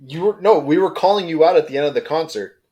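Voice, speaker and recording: A man co-hosting a podcast, telling a story in casual chat and jumping into high voices for the people he quotes. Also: expressive, quick pace, dark tone, husky. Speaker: podcast co-host.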